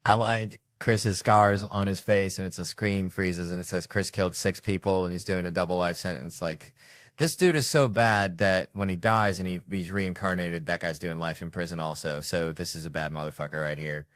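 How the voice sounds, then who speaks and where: A comedian telling comic stories in an animated, swearing way, jumping up in pitch for the voices he quotes. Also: moderate pace, no room sound, studio quality. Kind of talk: comedic storytelling.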